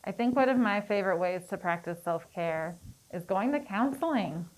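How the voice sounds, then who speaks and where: A woman's voice: mid-range voice, expressive, normal speed, rough recording. A young adult woman working as a public health educator, speaking in an earnest, encouraging way in a panel discussion. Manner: earnest, encouraging, talking-point delivery.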